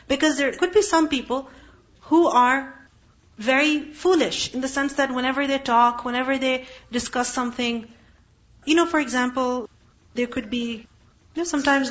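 A woman teaching a Quran lesson, explaining Arabic terms and asking her class rhetorical questions. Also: high-pitched. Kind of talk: religious lesson. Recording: dull lo-fi recording.

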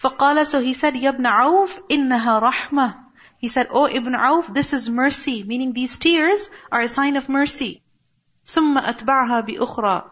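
A woman teaching a religious lesson, gently explaining a text and asking listeners rhetorical questions. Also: sits high. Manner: recites source text quickly, then translates slowly. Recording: dull lo-fi recording.

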